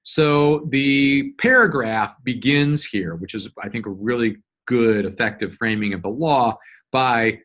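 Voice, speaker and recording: A man of middle pitch gives a recorded law lecture, talking through a document line by line. He explains patiently and evenly, often pausing on fillers and restarting his sentences as he thinks. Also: fairly bright tone. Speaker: law instructor. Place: solo screen-recorded lecture.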